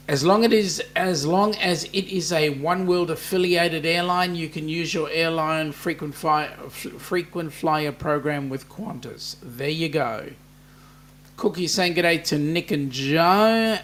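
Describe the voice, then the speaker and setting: A man's voice: fairly high pitch, fairly bright tone. Chatty Australian man hosting a live stream. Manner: chatty, reads viewer comments aloud, lots of "mate" and "um". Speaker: livestream host reading chat. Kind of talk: casual livestream chat.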